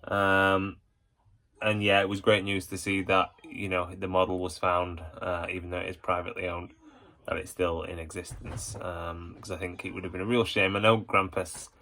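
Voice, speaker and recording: A man's voice: low-pitched, level tone, normal speed, pushed and bright. A man hosting a casual ranking vlog, talking as an enthusiastic fan in a rambling way, full of hesitations and "you know". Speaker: YouTube channel host.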